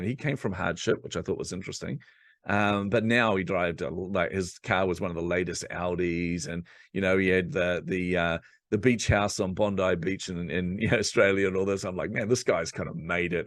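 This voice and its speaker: A man's voice: deep voice, no room sound, clean studio sound. A man, a coach and speaker, telling personal stories as a podcast guest and acting out his own inner voice as he goes. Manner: lively storyteller who acts out his own inner voice. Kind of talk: storytelling in a podcast interview.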